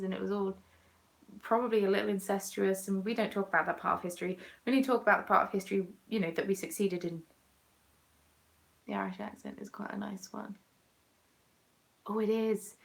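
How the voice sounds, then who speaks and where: A woman's voice: mid-range voice, gravelly. A young woman with a Southern English accent chats casually into a camera at home while she knits. She answers her viewers' comments one by one and pokes fun at herself along the way. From southern England. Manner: chatty and self-mocking, answers viewers' comments aloud. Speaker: craft vlogger. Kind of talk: casual chat while knitting.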